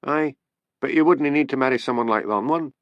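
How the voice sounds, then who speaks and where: A man's voice: medium pitch, fairly quick, no echo, lo-fi sound, voice pushed up, natural voice. A man voicing a petulant, teasing young constable.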